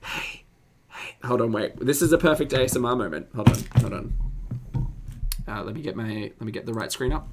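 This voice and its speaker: A woman's voice: extremely low pitch, brisk, long pauses, darkish tone, a little hiss or hum. A woman giving sarcastic, casual reaction commentary to videos, often breaking into incredulous laughter.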